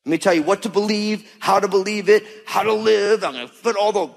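A man's voice: sits high, brisk, vocal fry, hardly any pauses. A man preaching a sermon to his church in a conversational, emphatic way, often acting out quoted voices. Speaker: pastor. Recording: long hall reverb.

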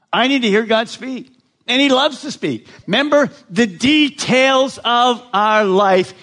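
Slow, emphatic preacher man. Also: sits high, a bit bright. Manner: slow, emphatic, asks the audience questions. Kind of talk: sermon. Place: large gathering addressed live.

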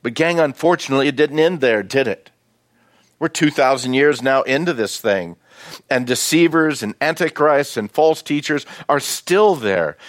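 A man's voice: medium pitch, dry recording. Male pastor, folksy conversational sermon, dry close sound. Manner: folksy, conversational preaching with asides to the congregation.

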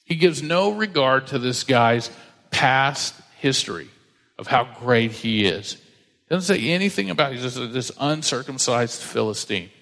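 Animated male pastor preaching in a reverberant hall. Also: mid-range voice. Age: adult, married with children. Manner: animated, acts out quoted voices and reads scripture aloud. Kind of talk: sermon.

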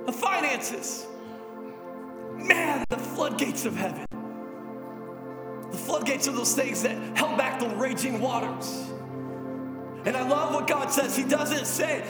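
A man preaching a sermon with animated delivery, acting out God and his listeners in quoted asides. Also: very high-pitched, takes it slowly, pauses often. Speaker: pastor. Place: church hall. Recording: echoey hall with faint music.

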